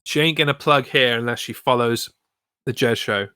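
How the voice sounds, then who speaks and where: A man's voice: mid-range voice, normal speed, bright, forceful tone, clear, resonant tone, no room sound, clean studio sound. A man co-hosting a casual wrestling podcast from the UK, recapping matches and joking around. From United Kingdom. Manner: jokey, recaps then riffs. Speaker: podcast co-host.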